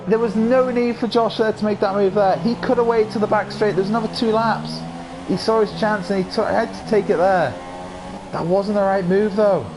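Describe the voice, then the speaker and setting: Croaky excitable man calling a race. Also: sits high, background noise. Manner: excitable, rising to yells at incidents. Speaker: league race commentator. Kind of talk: live sim racing commentary.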